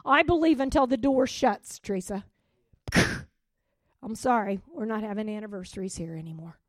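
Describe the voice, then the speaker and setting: A woman preaching a sermon with passion, swinging from loud rising calls to hushed, quiet drops. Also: mid-range voice, moderate pace, no room sound. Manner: impassioned, with sudden loud rises and hushed drops.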